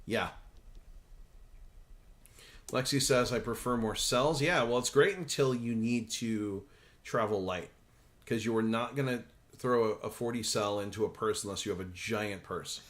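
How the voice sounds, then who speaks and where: A man in his thirties hosting a casual livestream, chatting and reading viewer comments in a talkative, self-interrupting way with quick laughs. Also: on the low side, fairly bright tone. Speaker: livestream host.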